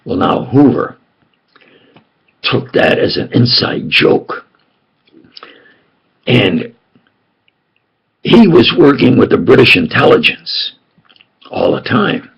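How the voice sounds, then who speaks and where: A man's voice: mid-range voice, very animated, slow, creaky, long pauses, fairly bright tone, husky, highs cut off. An older man telling rambling, jokey personal stories and often asking if you understand. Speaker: self-styled preacher.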